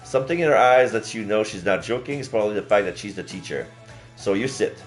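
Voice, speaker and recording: A man's voice: on the low side, expressive, fast talker, faint music behind. A man streaming and reading a visual novel aloud, chatty with laughing asides.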